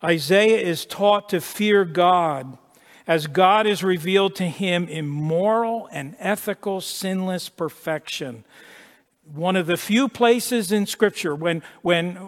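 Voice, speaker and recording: High-voiced preacher in an echoing hall. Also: male voice. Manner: emphatic, repeats words, drops to a hush at key points. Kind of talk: sermon. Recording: long echo of a large hall.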